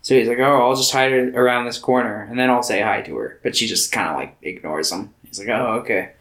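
Man, laid-back podcast co-host, mid pitch, retells scenes, echoey room. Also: a little fast. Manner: relaxed, agreeable, retells scenes with fillers. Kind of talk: casual film podcast chat.

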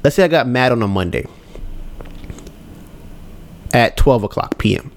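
Candid man musing out loud. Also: medium pitch, animated, moderate pace, a little hiss or hum. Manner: candid, rambling, acts out his own inner voice. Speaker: podcast host. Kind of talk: casual solo podcast talk.

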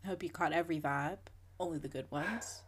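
A woman's voice: low voice, brisk, a little hiss or hum. A woman in her twenties co-hosting a podcast, chatting in a laid-back way and laughing easily. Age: 20s. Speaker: podcast co-host. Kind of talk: casual chat.

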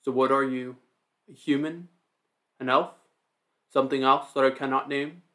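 A man's voice: medium pitch, level tone, moderate pace, sharp tone, natural voice. A man voicing an eager, earnest ogre man in a storybook reading.

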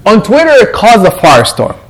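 A male imam gives a Quran reflection in a lively, conversational way. His voice sits high and rises and falls a great deal. He often breaks into the voices of the people he quotes. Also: fairly quick, poor audio. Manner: animated, conversational, acts out quotes. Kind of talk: Quran reflection talk to a congregation.

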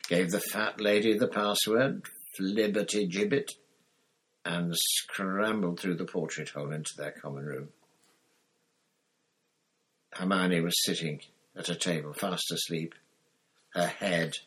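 A low-voiced man narrating a storybook in a plain, unhurried reading. He carries on steadily through the odd slip. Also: steady tone, a bit bright, slightly rough. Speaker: reader.

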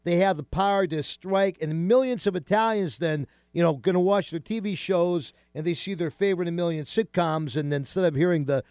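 A man hosting a casual radio talk show, chatty and animated, with many fillers and restarts. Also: sits high, brisk, hardly any pauses, smooth, dry recording, clean studio sound.

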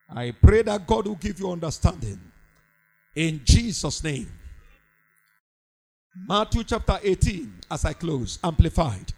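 A man's voice: fairly high pitch, sing-song, a little slow, creaky, pauses often, darkish tone, husky, low-quality recording. A man preaching a sermon, fervent and repetitive, with a sing-song cadence.

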